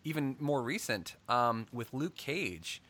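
A man's voice: medium pitch, lively intonation, slow, a bit bright, no echo. A man hosting a casual podcast chat, telling stories animatedly and laughing often.

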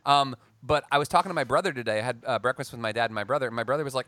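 A man co-hosting a casual podcast chat, rambling and excitable, quick to joke about himself. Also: mid-range voice. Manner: rambling, excitable, self-deprecating. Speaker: podcast co-host.

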